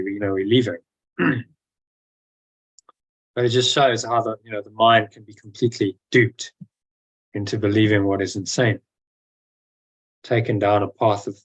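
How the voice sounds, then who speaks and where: A man leading a relaxed spiritual study discussion, talking conversationally with frequent fillers and restarts. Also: medium pitch, rough recording. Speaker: discussion leader.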